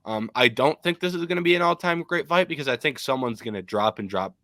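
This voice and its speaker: Animated man, dry close sound. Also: medium pitch, fast talker, dry recording. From Michigan. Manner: animated, opinionated, frequent ums. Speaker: co-host of an MMA podcast. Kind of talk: casual podcast chat.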